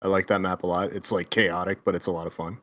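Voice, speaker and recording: Low-voiced dude co-hosting a gaming podcast, lots of ums, dry sound. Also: male voice, little pitch movement, fast, fairly bright tone, dry recording. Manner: laid-back, hesitant with ums. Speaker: podcast co-host. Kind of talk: casual gaming chat.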